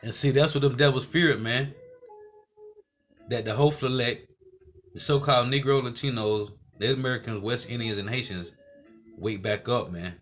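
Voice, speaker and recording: A man's voice: mid-range voice, normal speed, pauses often, fairly bright tone, soft background music. Preaching man ending phrases with "man". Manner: ends phrases with "man", quotes scripture. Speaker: host. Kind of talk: preaching commentary.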